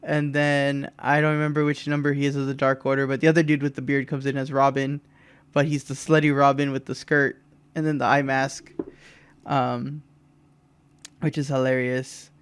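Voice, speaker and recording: A man's voice: mid-range voice, moderate pace, clear, resonant tone. A man co-hosting a podcast, casually recapping a wrestling show and acting out the wrestlers' lines between laughs. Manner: animated retelling, mimics wrestlers' lines with laughs. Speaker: podcast co-host.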